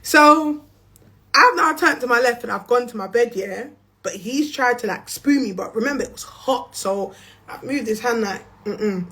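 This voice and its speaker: London girl on a phone live, high-ish voice, swears a lot, blunt slangy storytelling. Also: normal speed. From England. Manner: blunt and profane, slangy, animated with bursts of laughter. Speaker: influencer on a livestream. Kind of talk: storytime on a livestream.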